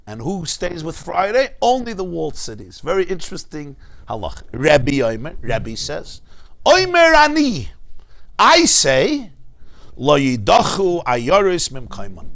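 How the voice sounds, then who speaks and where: Animated rabbi teaching Talmud, higher voice. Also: male voice, vocal fry. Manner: animated, rising to emphatic peaks, rhetorical asides. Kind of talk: Talmud lecture to a congregation. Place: synagogue class.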